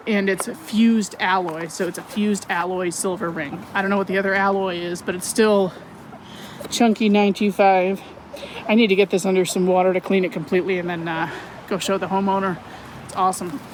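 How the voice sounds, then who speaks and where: A woman narrating her metal detecting finds outdoors on a wooded property in a chatty, excitable way, often correcting herself. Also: mid-range voice, slight background noise, poor audio. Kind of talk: casual outdoor vlog narration.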